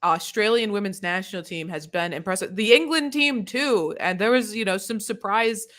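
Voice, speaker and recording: Bright-voiced woman guest, thoughtful chat. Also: medium pitch, moderate pace. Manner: thoughtful, many "you know" fillers. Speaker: guest commentator. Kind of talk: casual chat.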